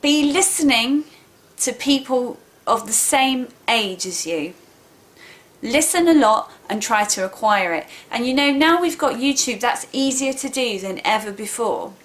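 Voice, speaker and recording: A woman's voice: a little high, expressive, unhurried, fairly bright tone. A woman with a Southern English accent giving a casual video lesson on accents, emphatic and repeating her points, checking in with listeners often. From England.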